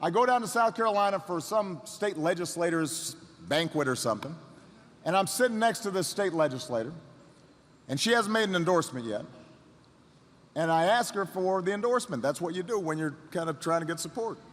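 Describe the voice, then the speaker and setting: A man's voice: high voice, animated, fairly quick. A man in his fifties giving a motivational speech as a story, building it with repetition and rising emphasis. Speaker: public speaker. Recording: long hall reverb.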